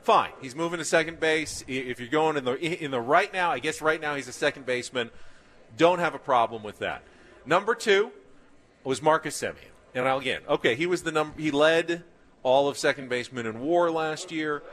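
A man co-hosting a sports talk show, explaining his views in a measured, emphatic way. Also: a little high, fairly bright tone. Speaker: sports radio co-host.

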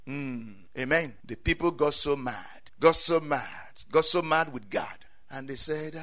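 Man, preacher, sermon, high voice, bright tone, dramatic rises and drops, frequent amens. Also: measured pace, hardly any pauses. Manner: dramatic swings between quiet asides and loud cries, frequent amens.

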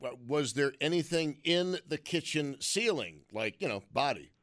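A man's voice: a little high, animated, moderate pace, a bit bright. A man hosting a call-in radio show, musing wryly and asking probing questions of callers. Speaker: radio talk show host.

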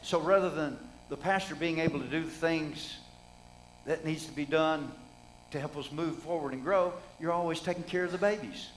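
This middle-aged man's voice sits on the high side and moves at normal speed as he preaches in a folksy, conversational style, putting rhetorical questions to the congregation. The low-quality recording carries a little hiss or hum.

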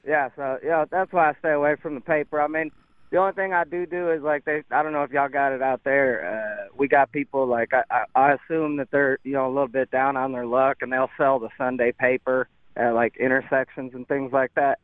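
A man's voice: medium pitch, steady tone, a little fast, clear, resonant tone, no room sound. A man calling in to a radio show, talking in a rambling, folksy way with many fillers. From lives in Lubbock, Texas. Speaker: caller. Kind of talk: phone-in conversation. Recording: tinny phone line.

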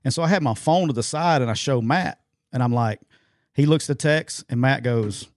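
A man's voice: mid-range voice, moderate pace, no echo, clean studio sound. A middle-aged man co-hosting a sports podcast, telling stories in a loose, rambling way full of fillers and restarts. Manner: rambling anecdotal storyteller, many fillers and restarts. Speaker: podcast co-host. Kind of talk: casual sports podcast storytelling.

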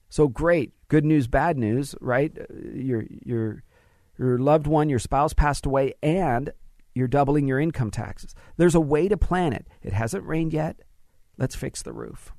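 A man's voice: mid-range voice, creaky, darkish tone, dry recording, clean studio sound. A man hosting a financial radio talk show, giving advice in a folksy, conversational monologue that speaks straight to listeners.

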